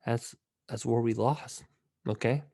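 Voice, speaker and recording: A young man hosting his own podcast, rambling with fillers and restarts, tired and yawning, swinging between mournful mumbling and loud outbursts. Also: medium pitch, fairly even intonation, a little slow, creaky. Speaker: podcast host. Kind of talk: casual solo podcast rant.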